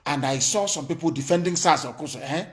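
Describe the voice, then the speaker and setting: A man with a Nigerian accent giving an impassioned, defiant political address in a forceful, rhetorical manner. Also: a little high, brisk. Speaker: broadcast speaker.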